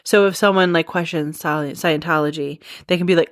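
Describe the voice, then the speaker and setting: A woman hosts her podcast in a loose, chatty explainer, her speech peppered with "like" and "you know" as she pokes fun at herself. Her voice sits on the lower side for a woman. The sound is dry and close, with no room ring. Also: a little fast, few pauses, dry recording. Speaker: podcast host. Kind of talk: casual explainer monologue.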